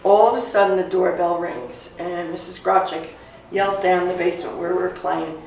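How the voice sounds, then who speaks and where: A woman in her sixties casually telling a family story, animated and acting out the voices of the people she quotes. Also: lowish voice, normal speed, gravelly. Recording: echoey room, distant mic, faint noise.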